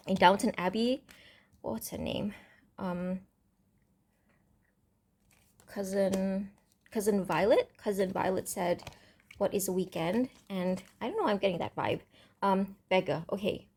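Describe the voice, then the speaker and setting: A woman giving a casual, rambling tarot reading to camera, thinking aloud with many pauses and ums. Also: mid-range voice, a little mellow, husky. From Indonesia. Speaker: tarot reader. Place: home room with construction noise next door.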